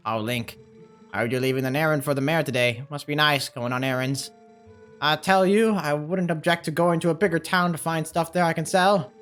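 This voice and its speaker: A man voicing a middle-aged village man in a video game, mumbling complaints in a low voice. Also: fairly quick, a bit bright, clear, resonant tone, soft background music, close to an everyday voice. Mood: grumbling.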